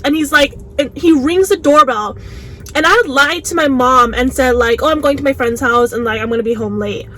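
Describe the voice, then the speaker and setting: A young woman vlogger chatting casually while eating, animated and full of "like"s, recorded on a phone in a car. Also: high voice, moderate pace, low-quality recording. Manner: chatty, animated, many "like"s, acts out quotes. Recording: faint background noise, phone recording.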